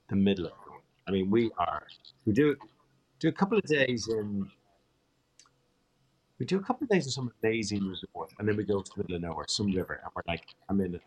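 A man's voice: on the low side, husky. A male TV presenter, a guest on a show, telling a casual story that rambles and often restarts mid-sentence.

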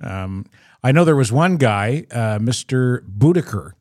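A man's voice: medium pitch, lively intonation, a little slow, darkish tone, no room sound, clean studio sound. A man from Fredericton co-hosting a podcast, chatting in a reflective, easygoing way. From Fredericton, Canada. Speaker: podcast co-host. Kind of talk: casual chat.

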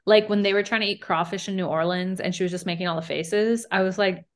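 A woman's voice: mid-range voice, fairly even intonation, fast talker. A woman co-hosting a podcast, chatting casually and acting out quotes with lots of "like". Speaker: podcast co-host. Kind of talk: casual recap chat.

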